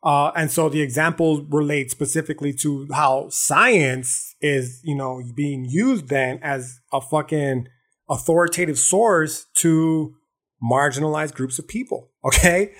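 A man hosting a podcast, lecturing on philosophy in a profane, slangy, animated monologue. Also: a little high, a little slow. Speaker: podcast host.

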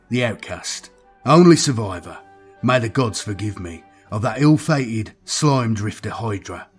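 A man's voice: lowish voice, slightly rough. A man narrating in the first person as a weathered male outcast sailor, solemn and haunted as he recalls his tale.

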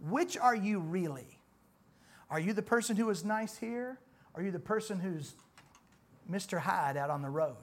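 A man's voice: high voice, animated, moderate pace, long pauses. A man delivers a sermon in an emphatic voice. He stacks rhetorical questions and repeats his points for weight. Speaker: preacher.

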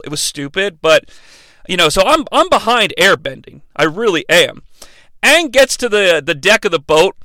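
A man's voice: high voice, pushed and bright, clear, resonant tone, no room sound. Sarcastic, profane movie-recap guy. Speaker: podcast host reviewing bad movies.

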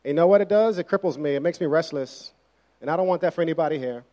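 A man's voice: fairly high pitch, quick pace, dark tone, muffled recording. Conversational young male preacher. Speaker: pastor. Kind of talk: sermon.

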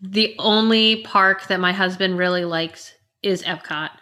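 Bright-voiced chatty woman in her forties. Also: mid-range voice, steady tone, measured pace. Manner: chatty storyteller who acts out family quotes. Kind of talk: casual chat.

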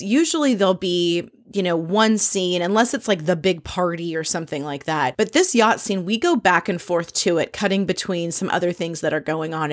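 A young adult woman giving a casual, gossipy recap of a TV episode, now and then acting out quoted lines in a brighter voice. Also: fairly low pitch. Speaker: reality TV recap host.

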